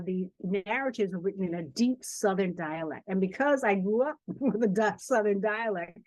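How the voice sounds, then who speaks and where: A woman's voice: medium pitch, darkish tone, dry recording. Earnest older woman telling history. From Charleston, South Carolina family; grew up in Harlem. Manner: earnest storytelling, emphatic repetition. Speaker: children's author and guest. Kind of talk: podcast interview.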